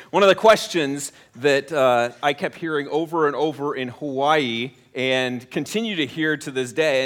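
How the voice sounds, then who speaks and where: A man's voice: medium pitch, a bit bright. A middle-aged American man preaching a sermon in a church, talking conversationally with self-deprecating humor. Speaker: pastor. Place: church sanctuary.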